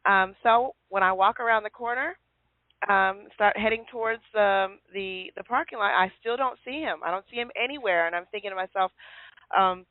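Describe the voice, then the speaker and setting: A woman hosting a casual call-in radio chat, telling stories with lively acted-out quotes. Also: medium pitch, normal speed, no echo. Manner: lively storyteller who acts out quotes. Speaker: show host. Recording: tinny phone line.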